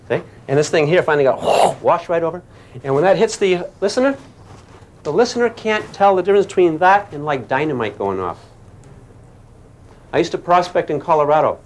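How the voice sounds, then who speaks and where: Lively older man lecturing with sound effects. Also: fairly high pitch, fairly quick. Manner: lively, playful, asks the class questions, makes sound effects. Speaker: physics lecturer. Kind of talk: classroom lecture.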